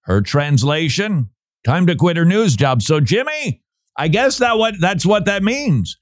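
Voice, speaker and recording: Sarcastic man with a lively voice. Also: fairly high pitch, a little slow, dry recording, clean studio sound. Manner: sarcastic, joking, laughs often. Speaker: podcast co-host. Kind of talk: casual commentary.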